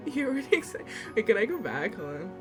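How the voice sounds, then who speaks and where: A woman's voice: fairly high pitch, sing-song, moderate pace. A young woman streaming a visual novel, reading its text aloud and gushing with giggly reactions. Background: faint game music.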